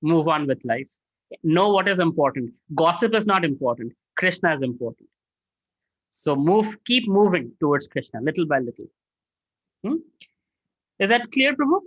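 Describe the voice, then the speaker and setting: A man's voice: a little high, normal speed, pauses often, dry recording. A man teaching a spiritual class online, answering questions and acting out prayers in a raised voice. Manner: lively, acts out prayers in a raised voice. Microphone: video call. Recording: dull lo-fi call audio.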